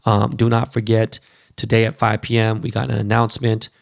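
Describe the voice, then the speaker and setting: A man's voice: fairly low pitch, fairly quick, vocal fry, no room sound, clean studio sound. A man hosting a podcast, ranting casually and profanely about basketball and plugging events. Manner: profane, animated sports rant. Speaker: podcast host.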